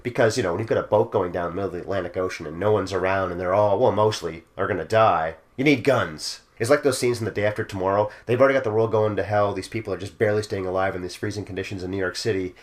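Man, very deep voice, rapid delivery, casual podcast talk, opinionated. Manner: fast, opinionated, drifts into mock quotes. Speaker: podcast co-host. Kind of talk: casual film discussion.

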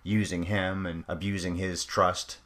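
A man with a very deep, low-pitched voice co-hosts a casual talk about old films. He is chatty and reflective, and his voice often sinks lower and quieter as a thought winds down. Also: little pitch movement, a little slow. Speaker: podcast co-host. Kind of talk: casual film discussion.

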